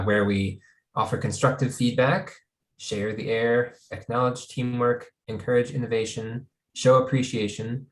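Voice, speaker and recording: A man hosting a seminar on a video call, reading a formal introduction in an orderly way. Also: mid-range voice. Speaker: seminar host and moderator. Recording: echoey room.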